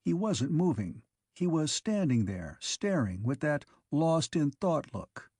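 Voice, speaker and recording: A man narrates a science fiction audiobook in a measured, even way. His voice sits a little high for a man, and the recording is dry and close with no room sound. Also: no room sound.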